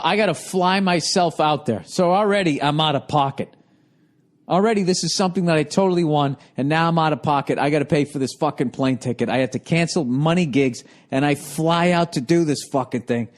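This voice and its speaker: High-voiced ranting comic storyteller man. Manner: profane, animated, ranting storyteller. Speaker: podcast host. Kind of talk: comedic rambling monologue.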